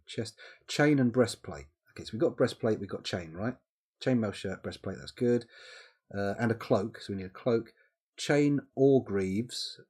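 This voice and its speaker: A man's voice: on the low side, darkish tone. A young man streaming a game live, thinking aloud and muttering menu items with easygoing asides into a desk microphone. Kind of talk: casual live-stream commentary while playing.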